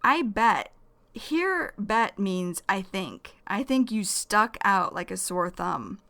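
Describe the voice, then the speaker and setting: A woman's voice: mid-range voice, big pitch swings, takes it slowly, vocal fry, fairly bright tone. A young woman teaching English vocabulary, repeating each phrase and defining it in plain words. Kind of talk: slow vocabulary lesson.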